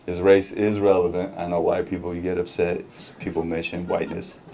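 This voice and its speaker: A man's voice: low-pitched, monotone, fairly quick, heavy background noise. A man performing a stand-up comedy set on a club stage, telling a casual, profane story with wry asides. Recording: live club crowd and music.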